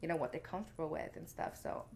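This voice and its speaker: A woman's voice: sits low, quick pace, vocal fry, a little mellow, slight background noise. A young woman co-hosting a podcast, talking in a candid, casual way, swearing freely and acting out her own inner voice. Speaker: podcast co-host. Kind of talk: casual chat.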